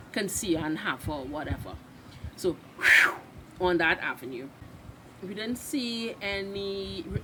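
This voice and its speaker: Trinidadian woman, reaction host, bright, slow, rambling casual chat. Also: on the low side, a little hiss or hum, low-quality recording. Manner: chatty, loose, restarts mid-sentence. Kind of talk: casual recap and live reaction.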